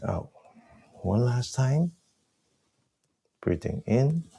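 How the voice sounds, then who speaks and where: Man, breathing instructor, gravelly, dark tone, slow calm cues. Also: medium pitch. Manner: slow, soft guided cues, livelier when explaining. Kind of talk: guided breathing class instruction.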